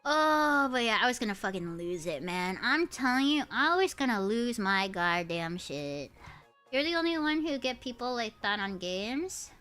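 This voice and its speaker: Young woman streamer, super high cutesy anime-girl voice, bouncy and swearing a lot while she plays. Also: normal speed, smooth, faint music behind. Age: early 20s. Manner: animated ranting with frequent swearing. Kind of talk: casual gaming stream chatter.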